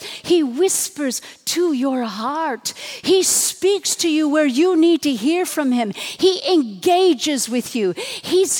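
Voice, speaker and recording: Woman pastor, fairly high voice, dramatic sermon delivery, long hall reverb. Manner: dramatic, drops to soft hushed tones and rises to emphatic bursts.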